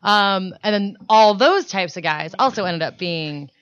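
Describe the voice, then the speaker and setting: A woman co-host on a comedic podcast, chatting casually and cutting in with quick jokes. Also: medium pitch, animated, fairly bright tone, no room sound. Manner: quick, joking interjections. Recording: dull dry lo-fi sound.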